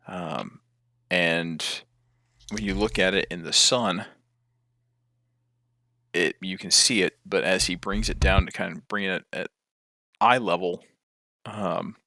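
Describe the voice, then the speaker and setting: A man's voice: sits low, fairly even intonation, takes it slowly, pauses often, sharp tone, no echo, studio quality. A man narrating a tabletop game as game master, hesitant and full of ums.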